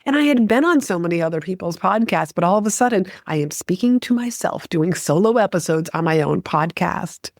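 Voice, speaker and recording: A woman's voice: fairly low pitch, lively intonation, fairly quick, hardly any pauses, a little mellow, no room sound, studio quality. A middle-aged woman hosting a solo podcast, speaking expressively and varying her pace and tone for emphasis. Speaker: podcast host.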